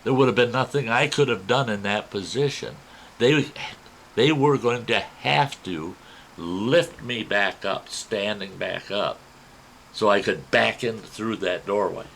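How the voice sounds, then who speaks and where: A man telling a personal adventure story in a folksy, animated way, acting out what others said. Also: lowish voice, unhurried, vocal fry, slight background noise, rough recording. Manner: folksy, animated retelling with quoted voices.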